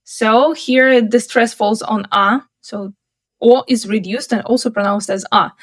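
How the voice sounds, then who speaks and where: Patient woman teaching outdoors on a city walk. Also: fairly high pitch. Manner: clear, patient explaining, slows right down for Russian model sentences. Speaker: Russian language teacher. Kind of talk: pronunciation lesson with slow model readings.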